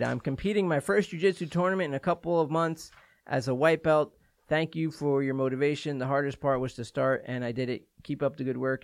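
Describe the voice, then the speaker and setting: A man's voice: mid-range voice, creaky, no echo. A man co-hosting a podcast, chatting loosely with lots of restarts and easy laughter, and reading listener mail aloud. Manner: animated, repeats and restarts words, laughs easily. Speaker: podcast co-host. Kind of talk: casual studio banter, reading listener mail.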